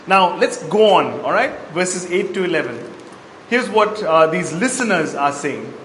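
Male preacher, high voice, reverberant hall; expository Bible-teaching read. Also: expressive, a little slow, fairly bright tone, a little hiss or hum. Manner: expository Bible teaching with verse readings and asides. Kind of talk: sermon. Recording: echoey hall, faint ambience.

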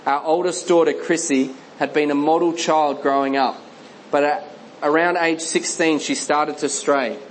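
A man reading a Christian memoir aloud as narrator, measured and earnest, slowing on key phrases. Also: a little high, fairly even intonation, a little hiss or hum, poor audio.

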